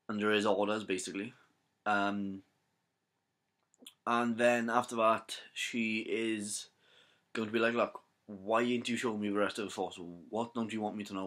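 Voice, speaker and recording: Young Welsh guy vlogging, somewhat low voice, loose and rambling, trips on th sounds. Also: fairly bright tone. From Wales. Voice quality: trouble pronouncing th sounds. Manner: rambling, self-correcting, slangy. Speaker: fan vlogger. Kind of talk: casual theory chat to camera.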